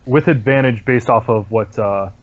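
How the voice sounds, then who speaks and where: A man's voice: medium pitch, normal speed, narrow, tinny audio, noisy background. A man narrating as game master for a tabletop game, casual and full of fillers. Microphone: online voice chat mic.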